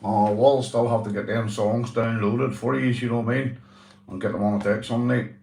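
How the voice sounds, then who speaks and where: A man's voice: mid-range voice, flat delivery, moderate pace, gravelly, a little mellow. A man from Northern Ireland with a Northern Irish accent, hosting a casual livestream and chatting loosely to viewers, swearing and calling them mate. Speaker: livestream host. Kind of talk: casual livestream chat reading comments. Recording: echoey room.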